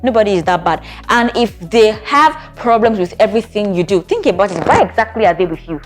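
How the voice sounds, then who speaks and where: A woman talks straight to camera as a therapist, advising on relationships. Her voice sits at a mid pitch, and she keeps it conversational, often checking in with rhetorical questions. Faint music plays behind her. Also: sing-song, fairly quick. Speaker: therapist giving relationship advice. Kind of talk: talking-to-camera advice video.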